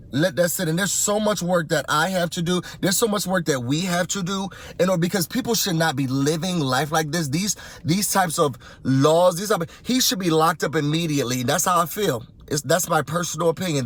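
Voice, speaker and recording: Guy from rochester ranting to his viewers from the car, kinda high voice, fired up and repeating himself. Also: brisk, few pauses, fairly bright tone. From Rochester, New York. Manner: impassioned, emphatic, repeats for emphasis. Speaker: vlogger. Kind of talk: casual vlog rant to viewers. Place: in a car, driving.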